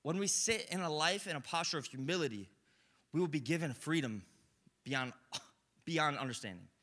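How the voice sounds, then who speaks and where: A young man preaching a sermon, his voice sitting high for a man and ringing with a sharp, tense brightness. He talks in a lively, conversational way, swinging from loud, excited bursts down to hushed, quiet moments. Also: normal speed.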